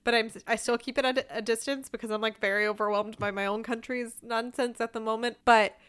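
A woman hosts an easygoing interview, her voice slightly high. She talks loosely, peppering her speech with "like" and frequent laughter. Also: fairly quick, clean tone. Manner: relaxed, laughs often, filler "like". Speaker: podcast host. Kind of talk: casual interview.

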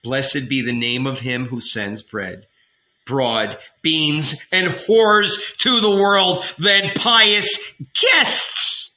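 A man's voice: medium pitch, lively intonation, takes it slowly, sharp tone, rough recording. A man doing a scornful seductive woman. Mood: mocking. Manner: taunting, scornful. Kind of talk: audiobook reading.

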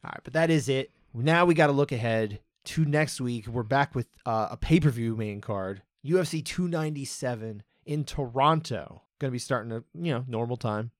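Chatty male podcast co-host, mid pitch, dry close-miked sound, casual banter. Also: no room sound. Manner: chatty, quick asides, laughs easily. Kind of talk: casual chat.

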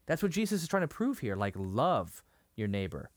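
At a normal pace and medium pitch, this male podcast co-host recaps a TV episode in studio-quality audio with no room sound. His casual retelling is emotional and lively, packed with fillers and restarts.

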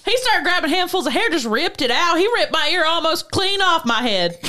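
A woman's voice: extremely high pitch, big pitch swings, fairly quick, pitched above the performer's own voice, full character voice. Woman putting on a rural victim. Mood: indignant. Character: rural woman recounting an animal attack. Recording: loud background noise.

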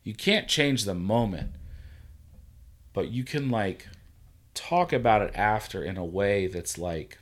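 A man hosting a relaxed conversation, telling a story with energy. He acts out what each person said and swears freely as he goes. His voice sits fairly low. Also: slow, pauses often. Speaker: podcast host. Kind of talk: casual conversation.

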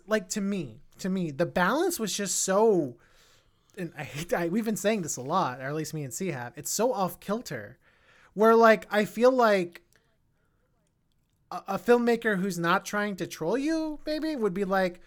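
A woman's voice: mid-range voice, measured pace. A woman co-hosting a podcast, talking through a film in a loose, rambling way with many restarts. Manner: rambling, frequent restarts, animated swings in loudness. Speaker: podcast co-host. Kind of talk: casual film discussion chat.

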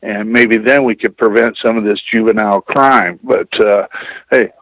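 Low-voiced man rambling through rough stories. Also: steady tone, normal speed, a bit bright, dry recording. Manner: rambling and profane, heavy use of "you know". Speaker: guest telling personal stories. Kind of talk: casual storytelling. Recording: dull lo-fi radio sound.

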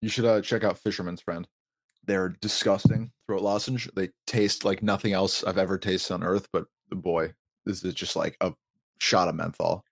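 Podcast host, man, lowish voice, dry booth sound, talkative and explanatory. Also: steady tone, normal speed, vocal fry, no echo. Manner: chatty, explains at length with small laughs. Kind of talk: casual podcast chat.

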